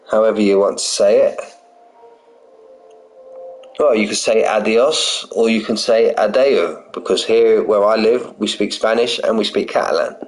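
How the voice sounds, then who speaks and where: A man's voice: lowish voice, rough recording. A man commentating a sim racing league, casual and chatty, calling drivers "mate" and saying he's buzzing for them. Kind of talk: live race commentary and chat.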